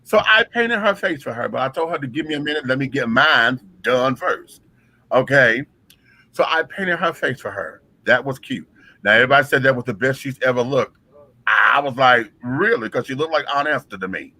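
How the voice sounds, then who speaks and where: A man's voice: mid-range voice, lively intonation, normal speed, sharp tone, low-quality recording. Brash, profane man telling a wild story. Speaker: drag performer telling a story. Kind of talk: casual storytelling chat.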